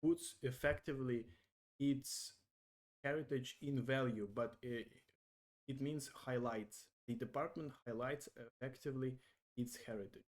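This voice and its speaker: Halting man translating French aloud. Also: medium pitch, steady tone. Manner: halting, hesitant, many fillers and self-corrections. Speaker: language learner vlogger.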